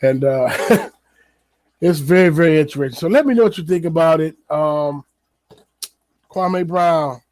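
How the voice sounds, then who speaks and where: Male podcast host, casual solo commentary, slightly high voice, dry close sound, loose and repetitive delivery. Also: measured pace, pauses often, darkish tone, no room sound. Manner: loose, conversational, repeats words, many fillers.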